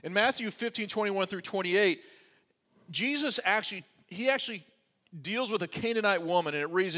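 Pastor, male, high voice, conversational preaching with dry jokes, long church reverb. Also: lively intonation, normal speed, sharp tone. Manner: conversational preaching with wry asides. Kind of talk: sermon.

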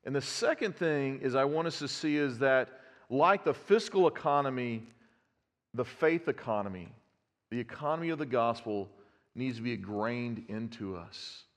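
A man's voice: mid-range voice, expressive, moderate pace. A man, preaching a conversational sermon and putting questions to his congregation. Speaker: pastor. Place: church sanctuary. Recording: long reverb of a church hall.

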